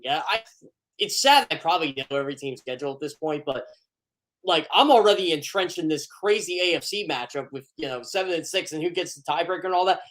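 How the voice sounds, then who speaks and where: A male sports writer appearing as a radio guest, talking in a chatty, opinionated way with quick asides to the host. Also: fairly high pitch, a bit bright.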